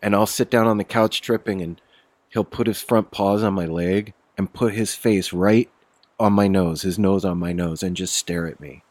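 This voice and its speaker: A man guest telling stories in a casual, animated chat, swearing freely and laughing. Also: deep voice, moderate pace, dry recording. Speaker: podcast guest. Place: outdoor porch.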